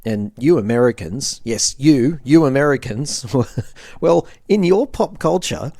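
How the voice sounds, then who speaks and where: A man's voice: medium pitch, lively intonation, unhurried, warm tone, no echo. Joking Australian man hosting, dry room. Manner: joking, self-mocking, laughs often. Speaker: podcast host. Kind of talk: casual chat.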